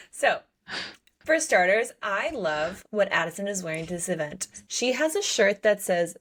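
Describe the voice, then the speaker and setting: This woman, a book podcast co-host, has a mid-range voice and talks at a moderate pace. Chatting casually and animatedly, she recaps the story by acting out the characters' lines.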